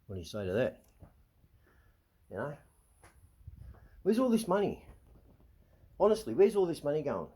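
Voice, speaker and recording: A man's voice: fairly high pitch, huge pitch swings, normal speed, pauses often, mellow, slightly rough. Agitated Australian man ranting. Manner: agitated, swearing, repeats and restarts words. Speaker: vlog host. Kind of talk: ranting monologue.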